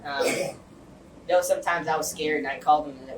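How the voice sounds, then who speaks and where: A man's voice: a little high, fairly quick, a crowd in the background. A man giving an impassioned, rambling speech to a community group, with many fillers and restarts. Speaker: guest speaker. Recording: echoey room, far from mic, faint hum.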